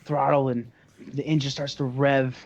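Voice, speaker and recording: A man's voice: medium pitch, level tone, moderate pace, darkish tone. A man narrating as game master of a tabletop game, in loose, hesitant speech full of fillers. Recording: dull lo-fi recording.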